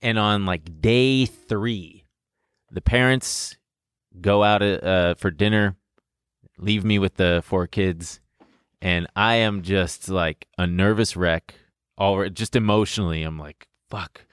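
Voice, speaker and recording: A man's voice: low-pitched, slow, smooth, no echo, studio quality. A young adult man on a podcast, telling a personal story in a rambling way, swearing and laughing as he goes. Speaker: podcast co-host. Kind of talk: casual storytelling chat.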